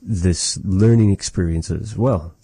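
A man giving a relaxed spoken language lesson, measured and thoughtful, with many pauses and fillers. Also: deep voice, breathy edge, dry recording. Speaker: language teacher.

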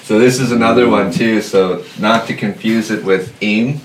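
A very low-voiced man leads a classroom lesson, speaking patiently and repeating words slowly so students can follow. He sounds distant from the mic, in an echoey room with a faint hiss underneath. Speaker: language teacher.

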